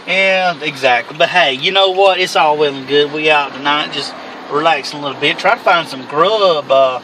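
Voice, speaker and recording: A man's voice: a little high, moderate pace, pushed and bright, slight background noise, low-quality recording. A man from the American South, rambling in a laid-back casual chat and laughing often while riding in a car at night. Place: inside a car driving at night.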